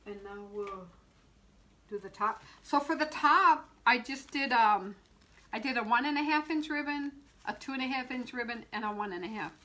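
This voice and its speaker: A middle-aged woman shop owner leads a casual live wreath-making demo, chatting and laughing as she greets viewers by name. Her voice is bright and sits a little high. A faint hum of the room runs underneath. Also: normal speed, rough recording.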